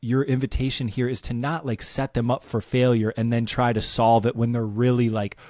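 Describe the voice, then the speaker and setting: A man in his thirties hosts a podcast in a mid-pitched, dry, close voice. He talks reflectively and thinks out loud, restarting phrases and using fillers. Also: level tone, brisk, no echo. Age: 30s. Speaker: podcast host. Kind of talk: casual podcast conversation.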